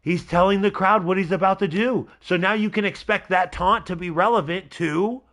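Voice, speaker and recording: A man with a slightly high, nasal voice hosts a live wrestling game stream. He rambles excitedly through the play-by-play and calls out to his viewers as he goes. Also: moderate pace. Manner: excitable, rambling, talks to a chat member by name. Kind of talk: casual live gameplay commentary.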